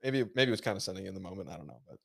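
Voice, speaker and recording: Young man telling stories, low voice. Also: racing, creaky, breathy edge. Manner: animated storyteller, swears freely, mimics people he quotes. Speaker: podcast host. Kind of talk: casual chat.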